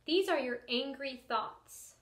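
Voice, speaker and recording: Woman reading as an old grandfather, patient, gentle, coaxing, fairly high voice, roomy echo. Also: takes it slowly. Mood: calm. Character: calm, patient old grandfather who teaches meditation.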